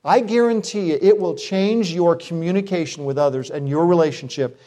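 A man's voice: on the high side, normal speed, dark tone. A middle-aged man preaching a sermon as pastor, earnest, with self-deprecating humor.

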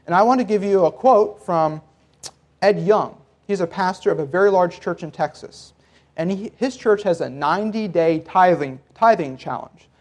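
High-voiced man preaching a sermon. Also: moderate pace, darkish tone. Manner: conversational preaching with occasional laughs. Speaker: pastor.

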